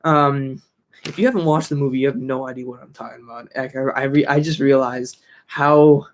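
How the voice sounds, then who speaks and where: A man's voice: medium pitch, steady tone, a little fast. A man reviewing a film in casual chat, rambling with lots of fillers and restarts.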